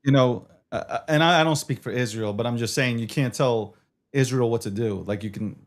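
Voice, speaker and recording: A man co-hosting a political talk show, animated, swearing and filling his talk with "you know" and "like". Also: medium pitch, fairly quick.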